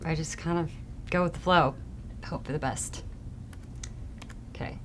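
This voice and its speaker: A young adult woman answering fan questions in a casual, chatty way, often trailing off softly. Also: low voice, measured pace, slight background noise. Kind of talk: casual Q&A chat.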